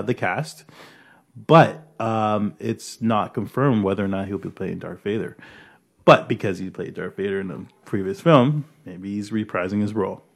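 A podcast co-host in casual chat, sharing entertainment news in a hesitant way with frequent pauses and restarts. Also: male voice, fairly low pitch. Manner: hesitant, many ums and restarts.

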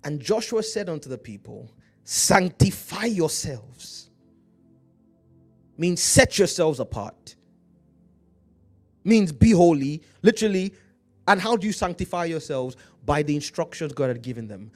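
A man's voice: fairly high pitch, expressive, soft background music. Emphatic preaching man with an African accent. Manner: emphatic preaching, slows to read scripture, calls out to the congregation. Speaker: pastor. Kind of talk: sermon.

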